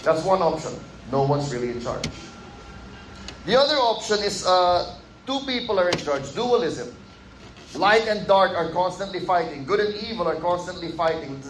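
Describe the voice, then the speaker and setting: Filipino pastor preaching in an echoey church. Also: male voice, high voice, lively intonation, normal speed, a little hiss or hum. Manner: mixes English with Tagalog asides, acts out quoted voices. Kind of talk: sermon. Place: church sanctuary. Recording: echoey hall with faint ambience.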